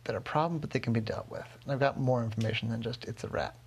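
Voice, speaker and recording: A steady, helpful figure explains things in a measured, reassuring way. His voice is low and gravelly with some husk, as a father puts him on at bedtime. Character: calm, helpful male problem-solver.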